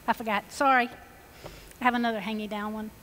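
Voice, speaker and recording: Woman, Georgia Southern accent, enthusiastic stage demonstrator, slightly high voice, long reverb in a large hall. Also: fairly even intonation, brisk, a bit bright, a little hiss or hum. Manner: chatty, enthusiastic, folksy. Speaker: floral designer presenting on stage. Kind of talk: live stage design demonstration.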